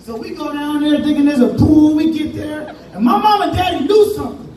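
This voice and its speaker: A man's voice: extremely high pitch, a little fast, a little mellow, slight background noise. A man doing a stand-up comedy set, telling a story with casual Southern US slang. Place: comedy club stage. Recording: echoey room from far off, crowd.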